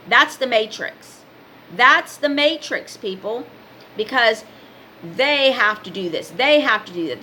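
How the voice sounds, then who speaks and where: A woman's voice: on the high side, pushed and bright, slight background noise. A woman in her fifties giving a blunt, emphatic motivational talk in a casual vlog. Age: 50s. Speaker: spiritual vlogger and card reader.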